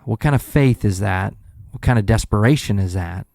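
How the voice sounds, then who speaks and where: A man with a lowish voice co-hosting a faith podcast. He retells scenes with lots of energy and acts out the lines of the people in them. The recording is dry and close to the mic. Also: normal speed, creaky, no echo. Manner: animated storyteller, acts out scenes. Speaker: podcast co-host. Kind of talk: casual Bible study chat.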